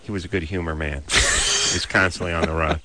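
Man hosting call-in radio, bright and fairly low, a wisecracking riffer who grills callers. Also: fairly even intonation, slight background noise. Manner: joking, riffing, quick questions to the caller. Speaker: radio show host. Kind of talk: casual call-in radio banter.

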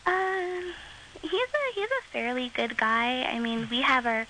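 A teenage girl calling a late-night call-in radio show, with a childlike high voice and a hesitant way of talking full of "um"s. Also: measured pace, bright, forceful tone, a little hiss or hum, low-quality recording. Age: teens. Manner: hesitant, many "um"s. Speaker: caller.

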